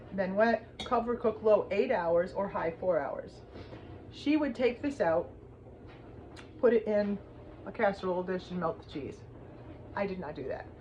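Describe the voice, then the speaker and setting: A woman casually chatting through a slow cooker recipe in her home kitchen, rambling with lots of fillers and asides. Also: mid-range voice, a little mellow, slight background noise, low-quality recording. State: teary from cutting onions. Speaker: home cooking vlogger. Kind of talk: casual cooking demonstration.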